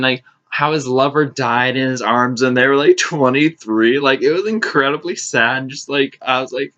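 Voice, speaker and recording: A young man tells a story to the camera, animated and sarcastic, with a bright, forward voice. He swears freely and jumps up into high, mocking voices when he quotes people. The audio is a little dull and lo-fi. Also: normal speed. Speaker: vlogger. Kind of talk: casual storytime.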